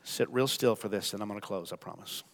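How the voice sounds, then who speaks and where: A male pastor preaching a sermon, swinging from hushed, quiet passages to loud, emphatic calls. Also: on the low side, quick pace. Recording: long church reverb with soft music.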